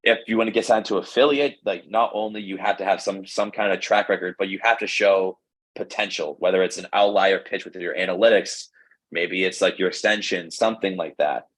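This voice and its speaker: Young man with a low husky voice. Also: fairly quick, low-quality recording. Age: young adult. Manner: rambling, filler-heavy, animated retelling with quoted dialogue. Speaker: pro baseball pitcher, guest. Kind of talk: casual storytelling interview.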